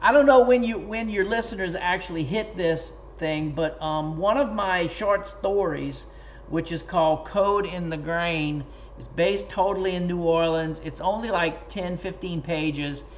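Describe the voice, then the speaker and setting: A man as a guest author in a casual interview, telling stories in a lively way and acting out what others said. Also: sits high, a little slow, slight background noise. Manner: animated, lively storyteller who acts out quoted speech. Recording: dull lo-fi recording.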